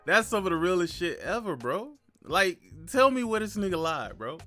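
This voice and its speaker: A man's voice: high voice, sing-song, moderate pace, sharp tone, soft background music. A man hosting a podcast in casual chat, brash and profane as he hypes things up. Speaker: podcast host.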